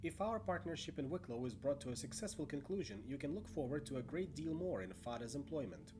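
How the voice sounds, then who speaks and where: A man narrates a tabletop horror game as game master, his pitch rising and falling with animation. He breaks off for chatty asides and trips over names. Music plays steadily underneath. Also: very animated, brisk.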